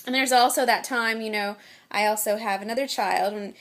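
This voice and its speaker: A young woman and mother chatting casually to camera, telling stories in an exasperated, animated way. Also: fairly high pitch, fairly quick. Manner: chatty, exasperated storytelling with mock-quoted voices. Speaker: mother vlogging.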